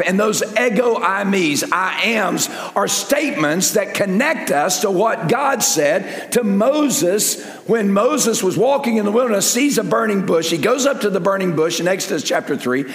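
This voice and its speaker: An older man preaching a sermon in an animated way, dropping to near-whispers and then rising to loud emphasis. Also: high voice, normal speed, few pauses. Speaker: pastor. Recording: echoey hall with long reverb.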